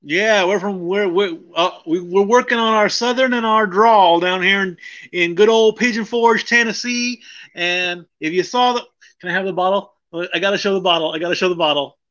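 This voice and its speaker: A man calling in to a live show, with a high voice that sounds dull and muffled over the line. He rambles casually and jokes about drinking. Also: moderate pace, fairly bright tone. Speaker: caller. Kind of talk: casual chat.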